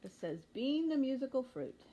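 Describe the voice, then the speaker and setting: A woman's voice: sits high, big pitch swings, moderate pace, dark tone. A woman reading aloud voices a grumpy, secretive loner man who wants to be left in peace, with fussy exclamations in a storybook style. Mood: alarmed.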